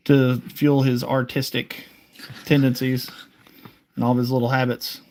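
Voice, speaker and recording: A man hosting a casual livestream, talking to a friend and cooing at his pet in a high sing-song voice. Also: flat delivery, measured pace, darkish tone, low-quality recording. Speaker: livestream host.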